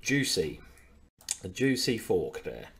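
A man's voice: low-pitched, sing-song, takes it slowly, gravelly, a bit bright. Chatty man coaching chess. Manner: chatty, repeats words, playful. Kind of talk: casual live-stream commentary.

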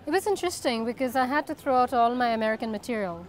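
A woman comedian answering interview questions in a measured, dry, deadpan manner. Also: on the high side. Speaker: guest comedian.

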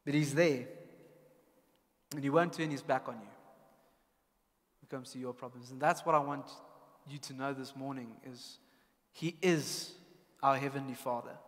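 Earnest South African pastor, reverberant church. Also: male voice, medium pitch, steady tone, a little slow, long pauses. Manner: earnest, personal, candid. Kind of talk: sermon.

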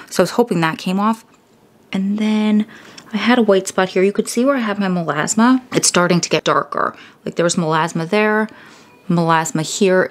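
A woman in her thirties chatting casually to the camera at home in a video diary, sometimes dropping to a hushed whisper. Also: deep voice. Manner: chatty, self-narrating. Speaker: vlogger.

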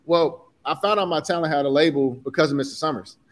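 Speaking fast in a slightly high voice, a Chicago designer and entrepreneur in his forties shares personal stories as an interview guest. His candid talk mixes earnest feeling with casual slang.

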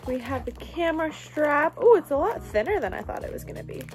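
A young woman unboxing a new camera in a casual vlog, gushing with excited exclamations. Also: high-pitched, brisk, soft background music. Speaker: vlogger.

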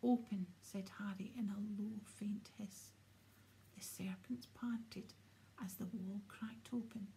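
A woman reading a children's fantasy novel aloud, often sinking into a hushed whisper as she narrates. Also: mid-range voice, fairly even intonation, takes it slowly, slight background noise, poor audio. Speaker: audiobook reader. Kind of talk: storybook narration.

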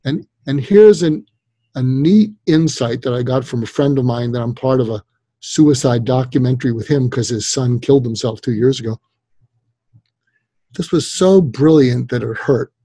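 On a podcast interview, an older psychiatrist speaks at a moderate pace in a slightly rough, medium-pitched voice with no echo. He spins his stories with animation, performing the voices of those he quotes.

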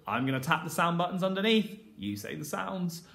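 A man teaching a phonics lesson to young children. He sounds out letters slowly and with exaggeration, in an encouraging sing-song teacher voice. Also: high-pitched, creaky, a bit bright. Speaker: primary school teacher. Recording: echoey room with faint background noise.

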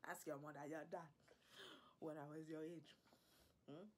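A woman's voice: low-pitched, fairly even intonation, unhurried, slight background noise. A woman voicing a fussy, doting middle-aged African father with an African English accent, in a whispered role-play, coaxing and pleading. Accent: African English impression. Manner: coaxing, pleading, fussing over the listener.

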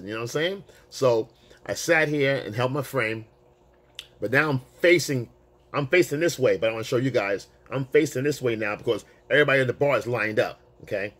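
A male dating coach telling a story to camera in a casual, animated way, swearing freely and using street slang. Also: medium pitch, brisk.

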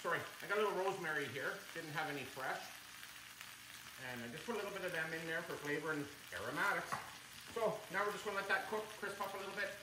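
A cooking show host gives a casual demonstration in his home kitchen, chatting away and addressing viewers as "you guys." His voice is fairly high-pitched, with background noise, in an echoey kitchen full of loud frying sizzle.

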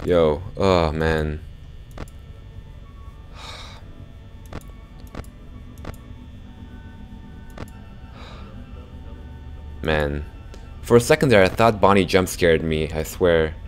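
A young man commentating a horror game for his viewers, jumpy and quick to swear when startled, talking to the audience as he plays. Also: a bass voice, soft background music. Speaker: gaming YouTuber.

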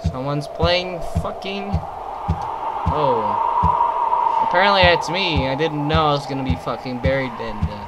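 A game streamer with a somewhat high male voice talks at an unhurried pace, pausing often, in a very noisy recording. He mutters, swears, and yelps at jump scares while commentating his own horror game playthrough over loud game music.

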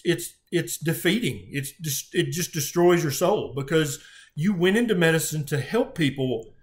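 Middle-aged guy, doctor telling a story, earnest and emotional, kinda high voice. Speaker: physician guest. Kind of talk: conversational storytelling.

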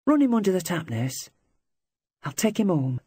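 A reader voicing a young wounded male airman, blunt and sardonic, given a raised pitch and a changed tone. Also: big pitch swings, moderate pace, warm tone, husky, no room sound, clean studio sound. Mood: wry. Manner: swearing, blunt, then apologetic.

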